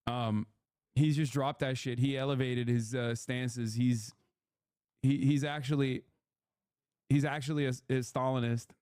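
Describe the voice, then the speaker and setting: A man's voice: medium pitch, steady tone, measured pace, long pauses, darkish tone, clear, resonant tone, no room sound, studio quality. Brash, profane male streamer. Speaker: streamer host. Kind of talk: casual political commentary.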